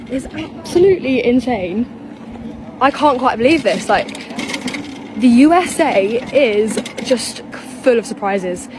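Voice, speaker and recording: A young woman from England vlogging outdoors in a desert canyon, slow, awestruck and close to tears. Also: a little high. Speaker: travel vlogger. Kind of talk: casual travel vlog. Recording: outdoor phone clip with clear background noise.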